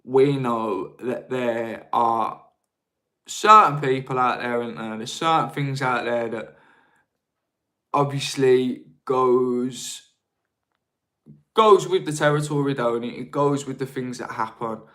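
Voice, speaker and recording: A man's voice: mid-range voice, slow pace, pushed and bright. A young man hosts a live stream in an easygoing, informal way. He drops slangy asides to his viewers as he talks. His voice sits in a middle register. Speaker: live-stream host on marketing. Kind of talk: casual live-stream talk, reading viewer chat.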